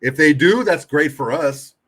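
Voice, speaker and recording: A man's voice: a little high, expressive, a little slow, fairly bright tone. Man, podcast co-host, blunt, emphatic, heavy swearing. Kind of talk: casual sports podcast chat.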